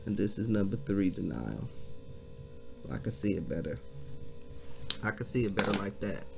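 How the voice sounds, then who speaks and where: A woman leading a devotional Bible reading. She comments excitedly as she reads and calls her listeners family. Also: a bass voice, moderate pace, gravelly, music in the background. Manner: exclaiming, addresses listeners as family. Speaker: devotional leader.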